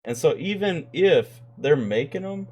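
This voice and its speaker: A man's voice: fairly high pitch, expressive, a little slow, a little mellow, slight background noise. A man hosting a reaction video, giving earnest, opinionated commentary that rambles with restarts. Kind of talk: casual commentary.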